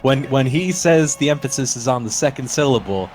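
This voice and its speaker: A man's voice: medium pitch, expressive, a little fast, darkish tone. A man doing color commentary on a simulated football game, joking playfully and laughing at his own bits, with music playing behind.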